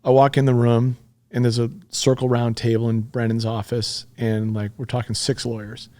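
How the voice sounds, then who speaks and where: A man's voice: mid-range voice, flat delivery, moderate pace, a little mellow. Blunt, profane man telling a story. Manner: blunt and profane, retelling events with heat. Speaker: podcast guest. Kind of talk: conversational storytelling.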